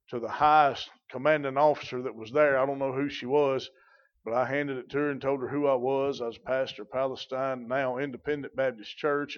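A man preaches in a folksy, rambling way, full of fillers and asides. His voice sits at an ordinary middle pitch. The recording is dull and lo-fi. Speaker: pastor. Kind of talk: sermon.

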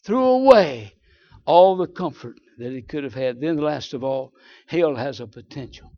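A man with a Southern US accent preaching a sermon, telling folksy stories and swinging from low asides to shouted high points. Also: lively intonation, unhurried. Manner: folksy storytelling. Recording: dull lo-fi sermon recording.

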